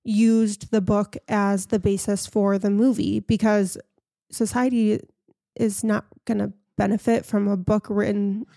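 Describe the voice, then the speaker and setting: A woman's voice: mid-range voice, flat delivery, measured pace, vocal fry, mellow, dry recording, studio quality. A woman hosting a casual podcast, frank and opinionated, telling a story to her co-host.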